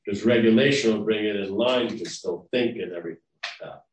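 A man's voice: lowish voice, fast talker. Rambling male lecturer in a roomy hall. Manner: rambling, conversational, often asks "right?". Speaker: spiritual lecturer. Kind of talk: devotional class lecture. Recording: roomy, distant mic.

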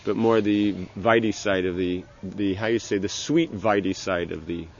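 Gravelly low-voiced man giving informal religious talk. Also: lo-fi sound, slight background noise. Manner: halting, many restarts and "you know". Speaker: spiritual teacher.

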